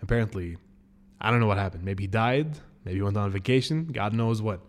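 A man hosting a podcast, telling a story in a casual, animated way, acting out the people in it with sudden jumps in pitch. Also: a little fast. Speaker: podcast host.

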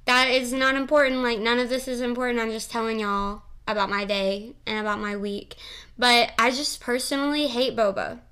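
Bright, crisp-voiced young woman rambling. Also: on the high side, steady tone, moderate pace. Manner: rambling, giggly, profane and playful. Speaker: podcast host. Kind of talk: casual solo podcast chat.

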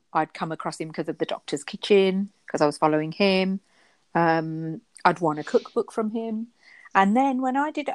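A woman co-hosting a casual chat, telling stories with lively bursts when she quotes herself. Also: no room sound. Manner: animated storyteller, jumps high for quoted exclamations. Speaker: podcast co-host.

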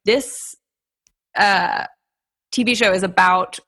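Speaking slowly in a bright, forceful mid-range voice, a young woman co-hosts a chatty podcast over a video call. She laughs often and peppers her talk with "like."

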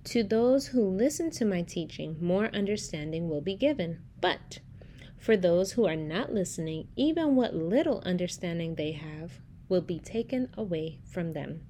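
A woman's voice: fairly low pitch, lively intonation, moderate pace, a little hiss or hum. Chatty woman podcast host. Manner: warm, chatty storytelling with preacher-like emphasis. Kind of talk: faith-based podcast talk.

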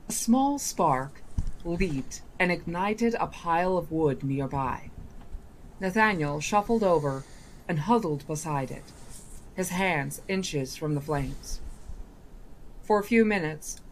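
A woman reading a novel aloud for a book club, deliberate and sometimes correcting herself mid-line. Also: on the low side, a little hiss or hum. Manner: deliberate, with small self-corrections.

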